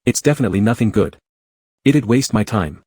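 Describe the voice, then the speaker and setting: A man voicing a brisk, caring young man. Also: on the low side, animated, darkish tone, husky, dry recording. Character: devoted, attentive young man, caring and focused.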